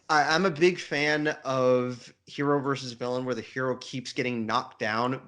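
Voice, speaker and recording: A man's voice: mid-range voice, fairly bright tone. A man co-hosting a fan podcast, talking casually and restarting his sentences. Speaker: podcast co-host.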